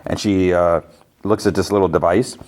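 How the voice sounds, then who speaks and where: A man with a deep, darkish voice and fairly even intonation hosts a podcast at normal speed. He loosely recaps a TV episode, rambling and leaning on fillers such as "like" and "you know."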